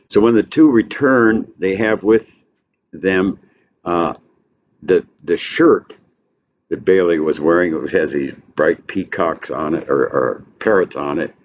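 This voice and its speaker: A man with a very deep voice gives an informal lecture on literature, rambling and pausing often. The recording sounds muffled and lo-fi. A faint hiss runs underneath. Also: darkish tone. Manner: rambling, with many pauses and filler sounds. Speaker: literature presenter.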